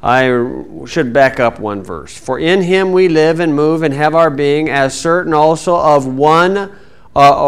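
A middle-aged man teaching a Bible lesson in a folksy, wry way, reading verses slowly and then speeding up. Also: on the high side, clear, resonant tone. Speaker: preacher.

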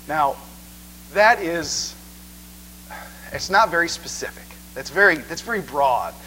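Animated man preaching a sermon. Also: medium pitch, slight background noise, rough recording. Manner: animated, asks the crowd 'okay?' a lot.

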